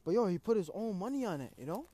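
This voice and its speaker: A young man tells a personal story in casual conversation, his voice sitting high for a man. He talks with loose street slang, drops "bro" again and again, and acts out his own reactions as he goes. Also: very animated, fast, mellow.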